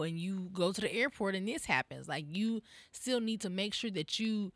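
A young woman co-hosting a casual podcast, her voice rising and falling a lot as she talks. She laughs often and slips into quick impressions of others. The sound is close and dry. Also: mid-range voice, no echo. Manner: animated, laughs often, mimics people in quotes. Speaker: podcast co-host. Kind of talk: casual chat.

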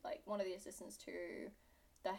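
A woman's voice: medium pitch, monotone, a little fast, vocal fry, darkish tone. A young woman from Britain with a British accent that drifts toward Australian, co-hosting a podcast in casual, sarcastic, giggly chat. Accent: British English, drifting toward Australian. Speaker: podcast co-host.

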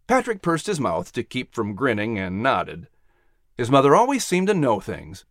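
An expressive audiobook narrator giving a children's story a lively, widely varying melody. The voice is dry and close, with no room echo. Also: mid-range voice, moderate pace. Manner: expressive, animated reading.

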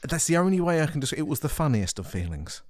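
A man's voice: on the high side, very animated, fast, crowd noise. A man, a podcast co-host, telling a story in casual chat, rambling, with many restarts.

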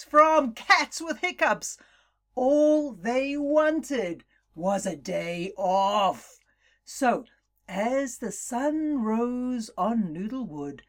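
A woman narrates a children's adventure story she is making up as she goes. Her voice sits a little high and leaps about expressively. She takes her time, drawing the words out slowly and playfully. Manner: playful, laughing, very slow and expressive.

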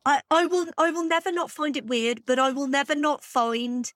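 In clean studio sound with no echo, a woman with a high, fairly bright voice talks at a normal speed. She co-hosts a podcast, chatting casually and thinking out loud with plenty of fillers.

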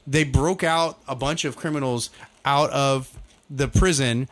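A man's voice: medium pitch, unhurried. A man co-hosting a casual chat, ranting about TV shows with lots of profanity and exasperation. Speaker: podcast co-host.

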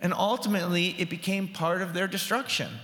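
A man's voice: sits high, fairly quick, fairly bright tone, big-room sound. A man preaching a sermon in a conversational way, with fillers and restarts, his voice rising sharply when he quotes others.

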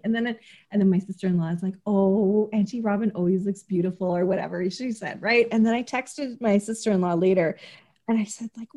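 A woman's voice: medium pitch, brisk, warm tone. A woman in her forties hosting a podcast interview, chatty and self-deprecating, with many fillers and restarts. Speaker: podcast host. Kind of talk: casual interview chat.

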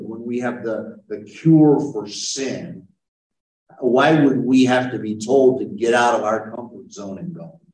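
A man who is a pastor, leading a conversational Bible study with a group and answering their questions as he explains. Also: lowish voice. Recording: roomy, mic far from speaker.

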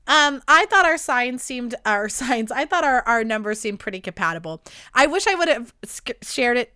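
Late-twenties woman hosting her own podcast: sharp, smooth voice, loose and profane, throat worn by allergies. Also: fairly high pitch, dry recording, clean studio sound. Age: late 20s. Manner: candid, rambling, swears freely. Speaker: podcast host. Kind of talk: casual solo podcast chat.

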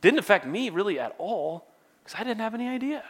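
A man's voice: high voice, lively intonation, brisk, noisy background. A male worship pastor preaching to a church congregation in a conversational, storytelling way with self-deprecating humor. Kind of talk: sermon.

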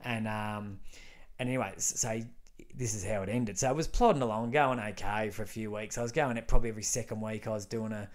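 An Australian man, a comedian, telling a long anecdote in casual chat, animated and full of restarts. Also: lowish voice, quick pace. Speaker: comedian guest.

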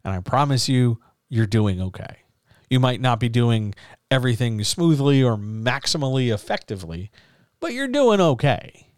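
A man coaching writers in a loose, candid chat, with middle-range pitch and a calm, reassuring way of talking. He swears casually and keeps things frank. The recording sounds close and dry, with no room around it. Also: moderate pace, no room sound. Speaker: writing coach. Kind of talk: casual writing advice talk.

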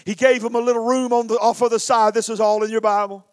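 Male preacher, very high voice, dramatic storytelling sermon. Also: flat delivery, fast, clear, resonant tone. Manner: dramatic, emphatic delivery.

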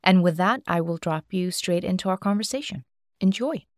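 Low-voiced woman podcast host. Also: moderate pace, dry recording, studio quality. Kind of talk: scripted podcast introduction. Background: faint music.

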